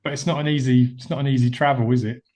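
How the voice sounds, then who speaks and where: A man hosting a horror film podcast in relaxed, chuckling banter with his co-host over a call. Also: medium pitch, quick pace. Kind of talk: casual podcast chat.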